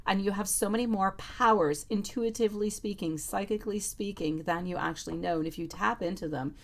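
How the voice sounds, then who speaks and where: Gravelly-voiced woman reading tarot live. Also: medium pitch, a little fast. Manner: affectionate, calls viewers sweetie and lovely; reads out chat comments and answers them. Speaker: tarot reader.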